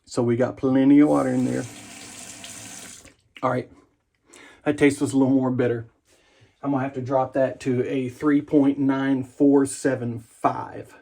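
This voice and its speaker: A man's voice: mid-range voice, little pitch movement, measured pace, vocal fry, long pauses, mellow. A man hosting a wet shaving vlog from his home bathroom, rambling and joking at his own expense while he shaves. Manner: joking, rambling, self-deprecating. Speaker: wet shaving channel host.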